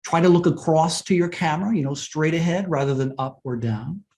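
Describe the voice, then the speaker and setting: A man giving a webinar lesson on presentation skills in a conversational way, often asking "right?" and pausing to stress points. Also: a little high, warm tone.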